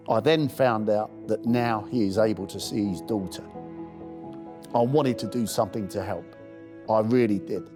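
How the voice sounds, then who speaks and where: A man's voice: lowish voice, moderate pace, music in the background. A man earnestly telling a heartfelt personal story in a documentary. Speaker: first-aid campaigner.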